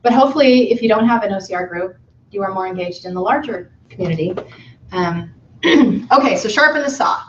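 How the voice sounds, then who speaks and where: A woman's voice: medium pitch, expressive, brisk, far from the mic, slight background noise. A woman giving an informal, chatty conference talk to instructors, with frequent fillers. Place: conference session room. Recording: dull echoey room from afar.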